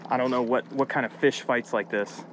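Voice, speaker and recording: Young male fishing vlogger, mid-pitch voice, talks to camera outdoors by a lake, excited repeats, audible water and wind behind. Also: a little fast. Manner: talks to viewers while fighting a fish, repeats himself. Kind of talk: excited live commentary.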